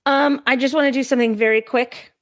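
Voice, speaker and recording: A woman's voice: sits high, steady tone, fast, fairly bright tone, no room sound, studio quality. A woman co-hosting a casual podcast discussion, eager and giggling often. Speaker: podcast co-host.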